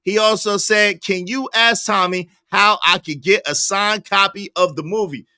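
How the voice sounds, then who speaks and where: A man hosts a live stream, and his voice sits high and bright. He reads chat comments aloud, shouts out viewers by name, and argues his points with emphasis. The sound is close and dry. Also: moderate pace, smooth, dry recording. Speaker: livestream host.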